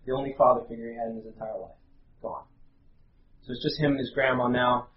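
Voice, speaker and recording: A man, preaching a sermon in an earnest, halting way with many fillers. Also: mid-range voice, steady tone. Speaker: pastor. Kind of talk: sermon with prayer and storytelling. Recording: roomy, slightly dull live recording.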